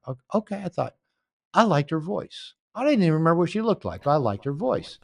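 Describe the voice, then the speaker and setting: A man's voice: a little high, big pitch swings, brisk, vocal fry, a little mellow, dry recording. An older man telling stories in a podcast interview, rambling and anecdotal, recorded at home. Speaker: author and coach.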